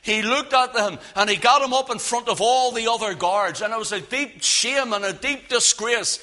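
Fervent high-voiced man preaching. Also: normal speed. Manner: fervent preaching that swings between hushed and loud. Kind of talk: sermon.

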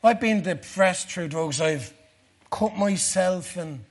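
Speaking earnestly to a church congregation, a man from Ireland shares his personal testimony as a sermon, his voice going low and slow whenever the story turns dark.

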